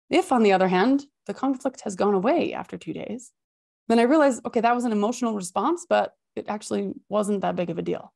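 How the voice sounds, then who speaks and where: A woman of middle pitch with a noticeably gravelly, creaky edge to her voice. She talks in an expressive, high-energy way, stacking emphatic lists as she hosts a self-help podcast. Her delivery is warm-hearted motivational coaching. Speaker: podcast host and habits coach.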